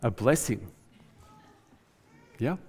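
A man preaching a conversational, animated sermon in a church. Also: mid-range voice, drawn-out words, breathy edge, soft background music. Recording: reverberant church hall.

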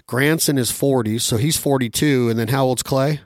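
A man's voice: mid-range voice, no echo, clean studio sound. A man hosting a casual podcast interview from a hunting camp, firing off upbeat questions. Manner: upbeat, rapid-fire questions. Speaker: podcast host.

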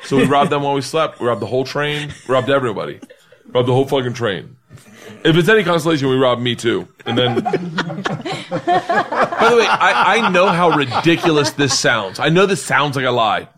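A man's voice: medium pitch, lively intonation, brisk, a bit bright, slight background noise. A man in his thirties telling a long comic story to friends on a podcast, rowdy and laughing, acting out the voices of the people in it. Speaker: podcast host. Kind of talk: drunken storytelling among friends.

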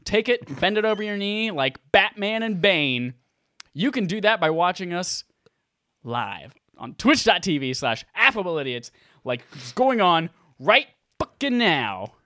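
Lively, bright-voiced man hosting a podcast. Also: high voice, a little slow, no room sound, studio quality. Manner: energetic, crude and joking, laughs often. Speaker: podcast host. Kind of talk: casual livestream podcast chat. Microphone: headset mic.

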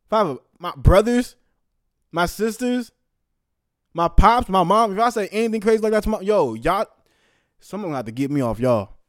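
Brief: young man, casual rant, cursing, dry close mic, voice a bit high. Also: no echo. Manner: profane, heated, swings from loud outbursts to low mumbling asides. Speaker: commentator. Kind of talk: casual ranting commentary.

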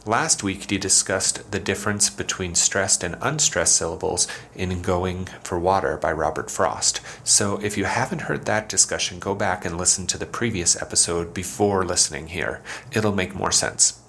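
A man hosting an educational poetry podcast, explaining meter in a measured, scripted way and reading verse slowly and deliberately. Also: low-pitched, fairly bright tone, slight background noise. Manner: measured, clear explanatory delivery, slows to a deliberate recitation for verse. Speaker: podcast host teaching poetry.

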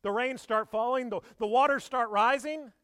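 Preacher guy, kinda high voice, lively storytelling with lots of questions, dry close sound. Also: moderate pace, smooth, dry recording. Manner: animated storytelling with rhetorical questions. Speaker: pastor. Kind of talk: sermon.

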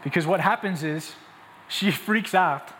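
High-voiced young man preaching in a hall. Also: a little slow, sharp tone, slight background noise. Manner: conversational preaching, rising to emphatic peaks. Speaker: pastor. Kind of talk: sermon.

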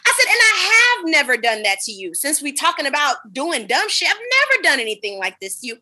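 A woman with a very bright, fairly high voice, spinning a story for her co-hosts. She talks in a lively, profane and dramatic way, with the feel of casual podcast chat. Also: brisk. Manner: animated, profane, dramatic retelling. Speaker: podcast host.

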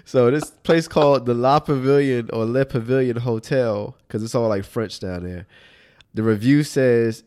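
A man's voice: mid-range voice, normal speed, darkish tone, clear, resonant tone. A man co-hosting a casual faith podcast, a little stuffy from a sinus problem, chuckling as he talks. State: a bit stuffy from sinus trouble. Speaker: podcast co-host.

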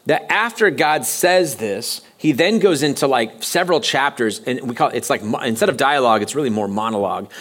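A male pastor delivers a sermon in a church in a mid-pitched voice. He talks conversationally rather than formally, often halting and restarting his sentences as he works through his thoughts. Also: expressive, a bit bright. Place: church sanctuary.

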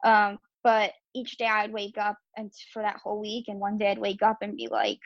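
A young woman shares her own story as a podcast guest, speaking candidly and dropping frequent "um"s and "like"s. Her voice has a gravelly, creaky edge and stays fairly level in pitch. The recording is dry and slightly dull. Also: completely flat delivery, moderate pace, no echo. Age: young adult. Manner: candid, filler-heavy with frequent "um" and "like". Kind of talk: personal storytelling.

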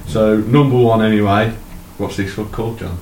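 A man's voice: fairly low pitch, steady tone, moderate pace, a little mellow. A young man hosting a casual podcast chat, teasing his friends playfully while steering the segments. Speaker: podcast host. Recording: roomy echo with faint background hum.

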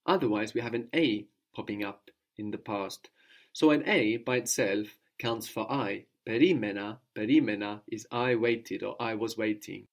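A man's voice: lowish voice, moderate pace. A man teaching a language lesson, patiently explaining grammar step by step and prompting his student to answer.

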